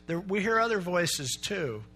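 A middle-aged male pastor preaching a sermon in a relaxed, conversational way, telling stories and acting out the people in them. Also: high voice, measured pace. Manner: conversational storytelling preacher, acts out quoted voices.

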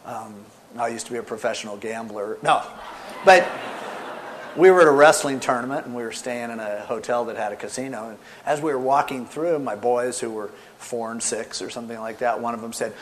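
A man preaching a sermon with animated storytelling, swinging between loud emphasis and soft asides. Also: medium pitch, brisk, a little hiss or hum. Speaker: pastor.

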